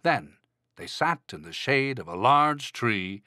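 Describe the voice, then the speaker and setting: A man narrating a children's storybook in a slow, expressive read-aloud manner. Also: mid-range voice, no echo, studio quality. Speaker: audiobook narrator.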